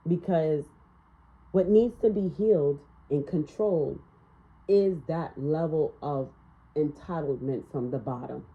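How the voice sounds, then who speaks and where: A woman giving a casual tarot reading, blunt and profane, ranting and laughing as she talks. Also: unhurried. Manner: animated, swinging up and down in pitch. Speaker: tarot reader. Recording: slightly dull, lo-fi sound.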